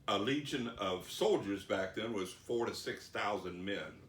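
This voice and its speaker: A man teaching the Bible, reading scripture slowly and dramatically, then commenting. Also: lowish voice. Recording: roomy echo, distant mic.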